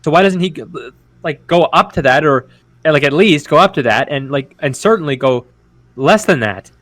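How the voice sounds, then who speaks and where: A man's voice: on the high side, lively intonation, normal speed, fairly bright tone. A man co-hosting a podcast in casual political chat, rambling and profane with many restarts. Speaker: podcast co-host.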